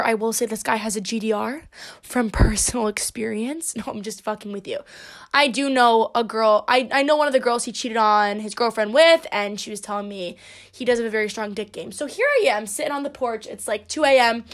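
A woman's voice: a little high, fairly quick. A young woman hosting a podcast, telling stories in a brash, joking, profane way. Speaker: podcast host. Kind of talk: casual solo podcast chat.

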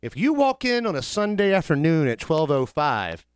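A man's voice: fairly high pitch, big pitch swings, moderate pace, few pauses, smooth, dry recording. A man telling a long funny story in casual chat, acting out the voices of people in it.

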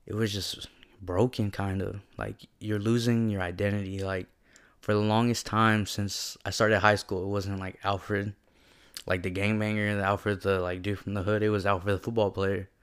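A young adult man tells a personal story in a lowish, clear, resonant voice with little pitch movement, speaking at a normal speed. His reflective monologue is casual and slangy, packed with "like," and earnest and emotional.

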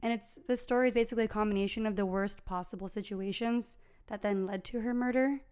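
A woman's voice: mid-range voice, fairly even intonation, fast, a little mellow, clear, resonant tone. A young woman co-hosting a podcast, telling a true crime story in a casual, chatty way with lots of fillers.

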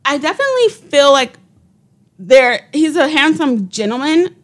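A woman's voice: high voice, very animated, normal speed. A woman co-hosting a podcast, talking things through reflectively with lots of fillers. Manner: reflective, chatty, lots of "like" and "you know". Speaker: podcast co-host. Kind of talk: casual chat.

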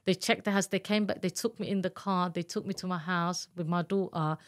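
Earnest lower-voiced woman. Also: fairly even intonation, brisk. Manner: candid, earnest, acts out quoted speech. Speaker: guest, abuse survivor telling her story. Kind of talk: emotional personal storytelling.

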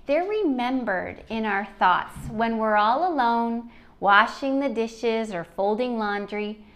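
Slow, encouraging woman podcast host. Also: fairly high pitch. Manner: warm, encouraging, speaks directly to the listener. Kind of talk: faith-based motivational podcast talk.

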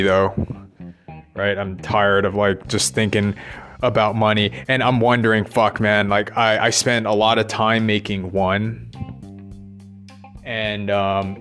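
Low-voiced man rambling to himself. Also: a bit bright. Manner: restless, swearing, self-questioning. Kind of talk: rambling personal monologue.

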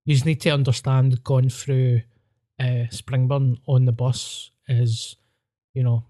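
A comedian telling sweary, laughing stories in a casual podcast chat. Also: male voice, mid-range voice, little pitch movement, slow pace, warm tone.

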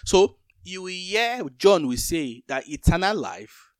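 A man's voice: sits high, big pitch swings, unhurried, clean tone, dry recording, clean studio sound. A man co-hosting a Bible teaching talk, explaining scripture with everyday comparisons.

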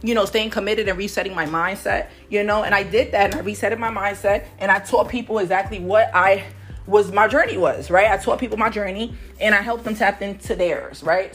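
A woman from Harlem, New York, hosting a motivational podcast as a manifestation coach, talking casually while a bit out of breath from cleaning, rambling and often tagging "right?". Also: medium pitch. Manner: rambling, keeps asking "right?".

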